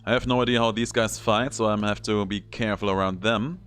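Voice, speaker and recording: A man with a fairly low voice gives casual commentary on a game he is playing, thinking aloud as he weighs each choice. Faint music runs quietly underneath. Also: steady tone, fast. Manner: thinking aloud while choosing moves. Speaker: gameplay video host.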